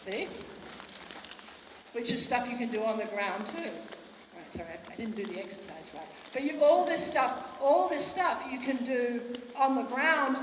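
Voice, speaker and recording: Her voice a little high and her pace a little slow, a woman horse trainer chats her way through a live demonstration, turning from the watching crowd to the horse and back. The echoey arena adds long reverb, along with faint noise.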